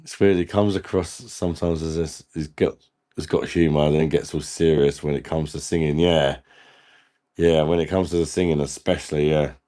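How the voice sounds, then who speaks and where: A man's voice: a bass voice, steady tone, moderate pace, mellow. A man hosting a casual live stream, laughing often and bantering with viewers in the chat while he drinks.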